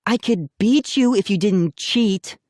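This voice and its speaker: A man putting on a sarcastic, grumbling young girl for a storybook, his voice pushed far above his own and sometimes breaking into shrill yelps. It is recorded dry and close. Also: wildly swooping pitch, unhurried, darkish tone, no echo, full character voice. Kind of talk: audiobook character voice.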